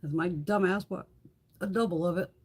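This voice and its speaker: A woman's voice: fairly low pitch, moderate pace, noisy background. A middle-aged woman hosting a beauty livestream, chatting casually with viewers, laughing often and swearing freely.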